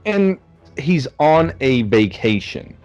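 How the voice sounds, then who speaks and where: A man's voice: medium pitch, big pitch swings, slow pace, darkish tone, highs cut off, faint music behind. A man co-hosting a casual movie review podcast, joking and swearing freely. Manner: profane, jokey. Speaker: podcast co-host.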